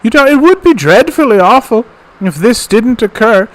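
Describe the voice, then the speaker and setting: A man's voice: extremely high pitch, sing-song, normal speed, fairly bright tone, pitched above the performer's own voice, exaggerated voice, low-quality recording. A man putting on the voice of a sugary sweet old lady tycoon who fusses and coos in a genteel, fake-kind way. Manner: cooing, fussy, genteel.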